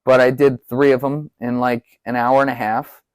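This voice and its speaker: A man spins a long anecdote on a podcast, jumping up in pitch to act out his own panic and swearing as he goes. His voice sits in a middle register. The sound is dry and close. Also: moderate pace, no room sound. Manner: animated, profane, acts out quotes with rising pitch. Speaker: podcast guest. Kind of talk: casual storytelling.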